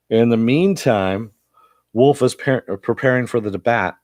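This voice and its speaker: A man's voice: medium pitch, slow, darkish tone, slight background noise. A man with a cough giving a casual, rambling recap of a TV episode, full of fillers. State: has a cough. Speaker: TV episode reviewer.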